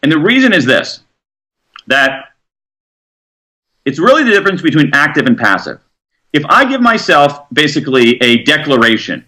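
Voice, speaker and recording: A man being interviewed as an author, explaining research in an animated way and acting out quotes. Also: a little high, moderate pace, pauses often. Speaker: author guest.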